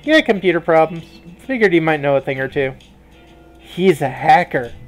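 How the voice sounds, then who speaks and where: A man reading a game's dialogue aloud in a let's play, voicing the characters, his pitch jumping high on questions. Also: expressive, normal speed, faint music behind. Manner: switches between many character voices, often jumping high for questions.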